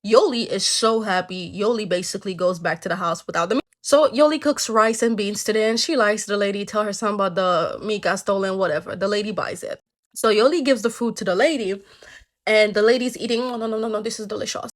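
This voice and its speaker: A woman's voice: mid-range voice, fairly quick. A woman retelling folktales casually, with playful, slangy asides. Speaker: storyteller.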